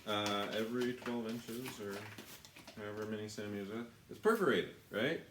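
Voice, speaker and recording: A man's voice: lowish voice, normal speed, fairly bright tone, roomy sound, a little hiss or hum. A man from the United States, a tattoo artist, rambling and swearing as he shows supplies in his shop. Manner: rambling, self-deprecating, swears a lot. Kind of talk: casual product walkthrough.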